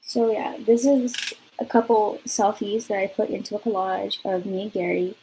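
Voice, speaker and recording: In a low-quality recording with slight background noise, a twenty-something vlogger recounts a personal story at normal speed in a medium-pitched voice. She keeps it chatty and lively, scattering "like" throughout.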